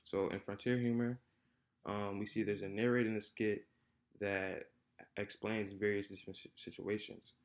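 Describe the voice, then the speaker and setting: A young man with a fairly low voice talks through a class presentation off the cuff. He hesitates often, fills gaps with "um" and "uh," and restarts phrases as he goes. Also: little pitch movement, moderate pace. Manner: unscripted, hesitant, with frequent fillers and repeated phrases. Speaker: student presenter. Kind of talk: spoken class presentation on comedy.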